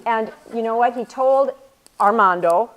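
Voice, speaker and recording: A middle-aged woman giving an inspirational talk at a church women's event, earnest and emphatic, repeating key phrases slowly. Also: fairly high pitch. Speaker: speaker at a women's church retreat.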